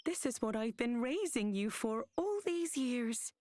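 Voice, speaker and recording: A woman's voice: a little high, animated, measured pace, a crowd in the background. A woman voicing a doting mother in a game, with a British accent, lilting and encouraging as she rouses her son. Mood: motherly. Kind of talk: game voice acting.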